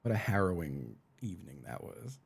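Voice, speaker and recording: Male streamer, low gravelly voice, chatty self-narration over faint game music. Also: sing-song, moderate pace. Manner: chatty, narrates his own play and greets chat. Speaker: live streamer. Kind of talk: casual gameplay chat.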